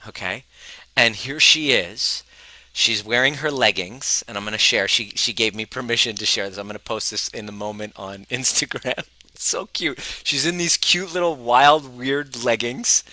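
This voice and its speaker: Bright-voiced, swearing man. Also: lowish voice, no echo, low-quality recording. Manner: profane, candid, laughs often. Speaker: personal growth coach. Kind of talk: casual live talk to an audience.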